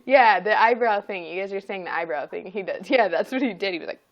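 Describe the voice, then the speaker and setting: A woman's voice: mid-range voice, lively intonation, a little slow, pauses often, highs cut off. A young adult woman hosting a casual livestream chat, telling stories with frequent laughter. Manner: chatty, laughs often while telling stories. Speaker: livestream host.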